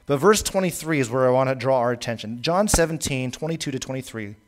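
Brief: male pastor, sermon delivery, emphatic and repetitive, mid-pitched voice. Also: expressive, fast talker, a little hiss or hum. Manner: emphatic, repeats key lines for weight, occasional stumbles.

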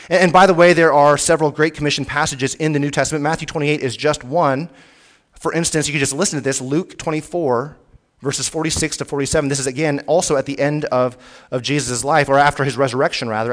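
A man, a pastor, preaching a teaching sermon, repeating his points and pressing them with rising emphasis. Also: fairly bright tone. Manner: emphatic, rises in pitch and volume on key points.

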